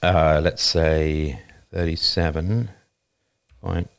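A man with a notably low voice hosts a livestream, speaking into a studio microphone. He talks off the cuff in an emphatic, punchy monologue and keeps checking in with the listener with a quick "right?". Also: fairly even intonation, vocal fry, clean tone. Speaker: livestream host. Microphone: new studio microphone.

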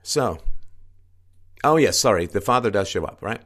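A man's voice: animated, normal speed, a bit bright. A man commenting on a news article he reads aloud, talking in an emphatic, repetitive way. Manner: emphatic, repetitive, swings into mocking higher-pitched quoting.

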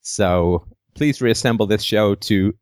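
A man hosts a call-in show in a fairly low voice, sounding tired and burnt out. He jokes at his own expense and rambles, restarting his sentences. The sound is dry and close to the mic. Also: takes it slowly, darkish tone, smooth, no echo. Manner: self-deprecating, joking, rambling with restarts. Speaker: host. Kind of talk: casual call-in show chat.

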